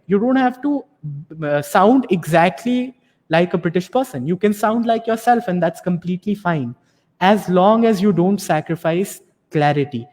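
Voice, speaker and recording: A man's voice: high-pitched, darkish tone, big-room sound. A man giving an explanatory advice talk to students and parents, often checking in with rhetorical questions. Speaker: panel speaker on learning English.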